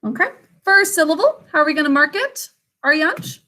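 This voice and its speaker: A woman teaching an online spelling lesson to children over a video call, sounding out words slowly and giving frequent praise. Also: high-pitched, very animated, sharp tone. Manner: slow, deliberate enunciation with praise.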